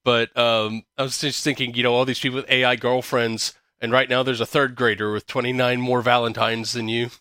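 A man's voice: medium pitch, flat delivery, brisk, few pauses, sharp tone, clean tone, no room sound, studio quality. A man hosting a podcast, chatting casually and reading news articles aloud, swearing freely with a sarcastic, ranting manner. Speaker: podcast host.

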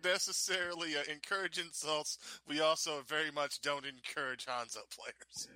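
A man co-hosting a casual podcast, delivering sarcastic jokes in a deadpan way. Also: fairly high pitch, moderate pace, dry recording. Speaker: podcast co-host. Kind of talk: casual chat.

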